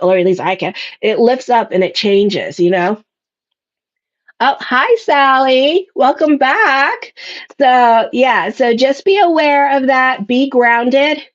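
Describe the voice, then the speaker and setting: Brief: middle-aged woman, casual astrologer, chatty and rambling, slightly high voice, dull lo-fi sound. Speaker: astrologer giving a monthly reading. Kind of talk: casual monthly horoscope reading.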